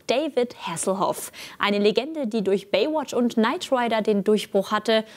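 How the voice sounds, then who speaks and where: A woman TV presenter reading a scripted introduction in a measured, announcing way. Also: medium pitch, a little mellow. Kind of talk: scripted TV narration.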